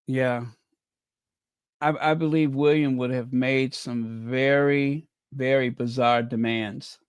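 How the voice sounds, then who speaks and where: Slow-talking man in a dry room. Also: medium pitch, steady tone, clear, resonant tone, no room sound. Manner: emphatic, repeats key phrases. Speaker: livestream host. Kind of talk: live commentary reading viewer comments.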